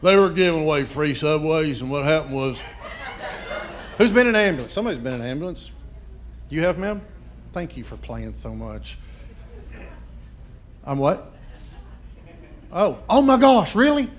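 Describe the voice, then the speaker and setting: Playful stand-up comic working the crowd. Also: male voice, a little high, sing-song, moderate pace, long pauses, slight background noise. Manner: chatty, playful, quizzes the audience. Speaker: stand-up comedian. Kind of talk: stand-up comedy with crowd work.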